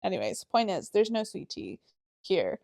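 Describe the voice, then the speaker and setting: A woman's voice: mid-range voice, big pitch swings, normal speed, vocal fry, warm tone, no room sound, clean studio sound. A woman from the Southern United States co-hosting a podcast, chatty and profane, rambling with frequent laughs. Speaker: podcast co-host. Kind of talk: casual podcast chat.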